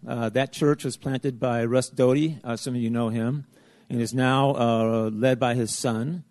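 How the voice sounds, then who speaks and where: A man's voice: medium pitch, steady tone, unhurried, darkish tone, no room sound. Rambling man making church announcements. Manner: rambling, filler-heavy, self-interrupting. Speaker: church leader.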